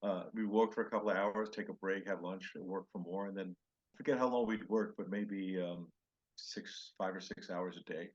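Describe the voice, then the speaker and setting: A man's voice: deep voice, fairly even intonation, normal speed, breathy edge, muffled recording. An older male comedian telling road stories in a podcast interview, acting out other people's lines in raised voices. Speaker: comedian guest.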